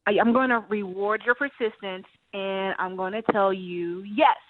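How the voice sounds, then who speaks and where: A woman's voice: medium pitch, fairly even intonation, moderate pace, no room sound, phone-quality sound. A woman calling in to a radio show, talking in a hesitant, reluctant way. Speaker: radio caller. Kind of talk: casual phone chat.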